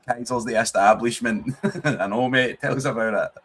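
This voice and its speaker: Hosting a live football watchalong for his chat, a young man from Scotland talks at a moderate pace in a slightly bright, mid-range voice. His speech is casual, laced with swearing and frequent laughter.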